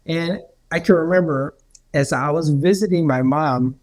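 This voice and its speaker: A man, a healer and podcast guest, telling a story in casual talk with many fillers. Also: normal speed. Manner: rambling, many fillers, acts out others' quotes in a higher voice.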